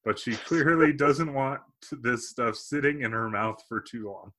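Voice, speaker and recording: A man's voice: mid-range voice, normal speed, pushed and bright. A man co-hosting a podcast, reading movie reviews aloud in casual chat and laughing often. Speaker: podcast co-host.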